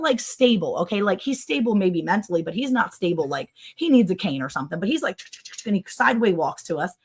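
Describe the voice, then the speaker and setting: A middle-aged woman from Maryland hosting a livestream, telling a long, animated story and acting out other people's voices. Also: medium pitch. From Maryland, USA. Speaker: livestream host. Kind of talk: casual storytelling chat.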